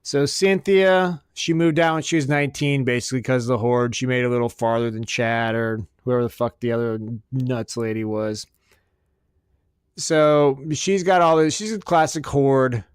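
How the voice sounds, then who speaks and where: A man's voice: medium pitch, moderate pace, clear, resonant tone, no echo, clean studio sound. A man hosting a podcast, ranting crudely and sarcastically and swearing constantly. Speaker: podcast host. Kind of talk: profane comedic rant.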